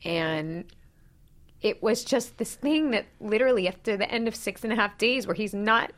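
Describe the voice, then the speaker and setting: A woman in her thirties, a podcast co-host, candidly retelling a painful personal story with animated quoted dialogue. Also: mid-range voice, moderate pace. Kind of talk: personal storytelling in casual chat.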